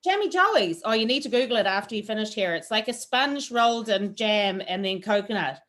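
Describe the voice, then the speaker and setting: A woman's voice: medium pitch, expressive, fairly quick, fairly bright tone. A woman teaching a cooking class over a video call, chatty and rambling with lots of fillers. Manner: rambling, friendly, with filler words.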